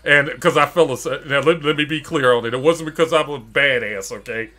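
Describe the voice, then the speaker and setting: This Detroit streamer host, a middle-aged man, talks briskly in a higher-pitched voice while sharing stories in a relaxed conversation. Laughter comes often, and he plays out quoted lines with plenty of animation.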